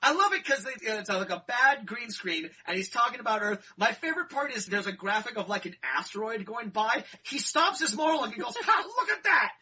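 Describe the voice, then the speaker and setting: A man's voice: high-pitched, lively intonation, brisk, few pauses, pushed and bright, breathy edge, distant mic, low-quality recording. A man co-hosting a movie podcast in a loose, rambling way, laughing often and swearing. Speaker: podcast co-host. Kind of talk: casual chat.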